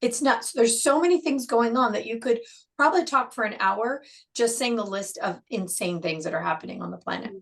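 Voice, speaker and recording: A woman guest on an interview show, explaining her program in a measured way and slowing down to stress key words. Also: a little high, vocal fry.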